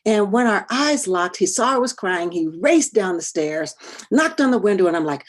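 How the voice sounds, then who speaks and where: A middle-aged woman giving a talk, telling a personal story expressively, sometimes dropping to a hush and sometimes rising with feeling, on a video call. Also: medium pitch, normal speed. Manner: expressive, swings from hushed to animated. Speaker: workshop speaker on parenting and bias.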